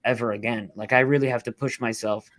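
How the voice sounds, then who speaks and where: A man's voice: medium pitch, steady tone, quick pace, a bit bright, no room sound. Middle-aged new guy, rescue worker in an interview, blunt, keeps restarting, holding back tears, dry sound. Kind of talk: emotional storytelling.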